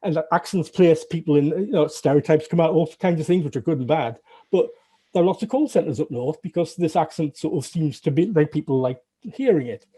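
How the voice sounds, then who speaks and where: Wry Northern English man, soft husky voice. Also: on the high side, animated, fairly quick. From Northern England. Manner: rambling, self-deprecating, wry humour, many restarts. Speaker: guest, former games programmer. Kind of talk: casual interview recollection.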